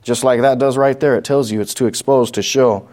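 Brisk and steady, this adult pastor's mid-range voice has a darkish tone and a New Mexican accent. He teaches a Bible study sermon by reading scripture aloud, explaining it in plain language, and posing questions to the congregation.

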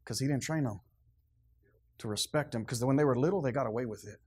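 A man's voice: mid-range voice, quick pace, a little mellow, husky. A man preaching a sermon in a stern, emphatic, plainspoken way, repeating phrases to drive his points home.

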